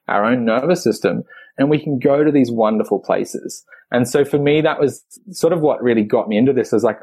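Husky-voiced man explaining breathwork. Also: mid-range voice, a little mellow. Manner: earnest, enthusiastic, searching for words. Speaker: breathwork facilitator. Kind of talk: conversational explanation.

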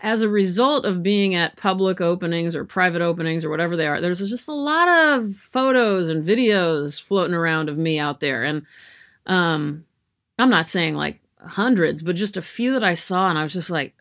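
A woman's voice: lowish voice, normal speed, fairly bright tone. A woman chatting casually to camera from her yarn room at home, rambling and self-deprecating with lots of fillers. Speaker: vlogger.

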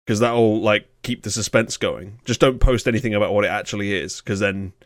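A man's voice: fairly low pitch, fairly even intonation, brisk, dry recording, clean studio sound. A British man hosting a podcast, chatting in a sardonic way and laughing often. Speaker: podcast host. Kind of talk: casual podcast chat.

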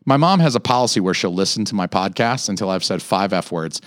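A man's voice: fast, no room sound. A man in his thirties hosting a podcast, ranting in a casual, profane way and mimicking other people's lines in a raised voice. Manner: animated, heavy swearing, mock-quoting others in raised pitch. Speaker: podcast host.

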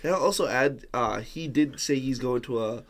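A young man, a tipsy podcast guest, eagerly pitching in jokes during casual banter. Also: moderate pace.

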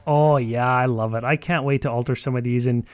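A man's voice: mid-range voice, steady tone, a little fast, clear, resonant tone, no echo. Rambling sardonic man, dry close mic. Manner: rambling, sardonic, profane, many fillers. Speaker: podcast co-host. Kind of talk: casual card game chat.

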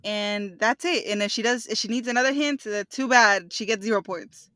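A woman's voice: medium pitch, normal speed, fairly bright tone, no room sound. A young woman co-hosting a casual podcast, running a quiz in an upbeat, teasing way. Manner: teasing, upbeat, laughs often. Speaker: podcast co-host, quizmaster. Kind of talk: casual chat.

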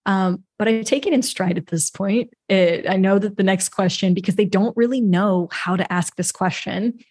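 A woman's voice: mid-range voice, moderate pace, a little mellow, slightly rough, dry recording, studio quality. A woman from New York hosting a solo podcast, speaking in a reflective, conversational way and often asking "right?". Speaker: podcast host.

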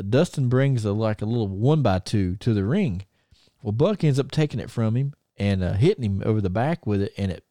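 A man's voice: fairly low pitch, dark tone, no echo, clean studio sound. A man with a Southern country accent, co-hosting a podcast and telling rambling stories with frequent laughs. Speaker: podcast co-host. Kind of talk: casual chat, storytelling.

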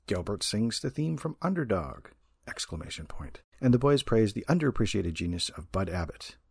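A man's voice: on the low side, sing-song, normal speed, creaky, darkish tone, slightly rough, dry recording. A man hosting a podcast, reading an episode description aloud with small fillers. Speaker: podcast host.

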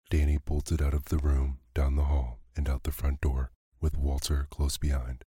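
A man reads a children's story aloud in a calm, unhurried bedtime manner. His voice is extremely low and dark with a husky, breathy grain, and the recording is dry and close. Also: dry recording. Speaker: narrator.

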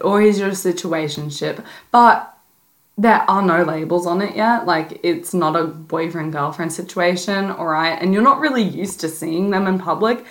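Blunt, sassy young woman with a lower voice. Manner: blunt, sassy, profane, playful. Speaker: podcast host. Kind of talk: casual advice podcast monologue.

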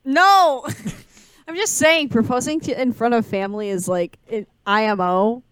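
A woman's voice: on the high side, measured pace, a bit bright. Young woman on a podcast, chatty and over the top, laughs a lot. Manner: chatty, dramatic, laughs often. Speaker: podcast co-host. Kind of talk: casual chat recapping a movie.

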